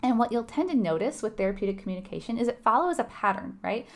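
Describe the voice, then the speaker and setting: A woman's voice: fairly high pitch, animated, fast talker. A woman tutoring nursing students live, in a conversational way, asking her viewers questions and laughing lightly. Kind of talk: live online teaching.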